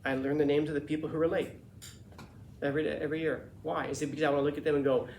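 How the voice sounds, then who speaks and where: A man teaching a class, his voice pitched a touch higher than most men's. He talks in a lively, emphatic way and slips into little voices for the people he quotes. The room is echoey and has a faint hum of ambience. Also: rapid-fire, gravelly. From Los Angeles. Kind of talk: classroom lecture.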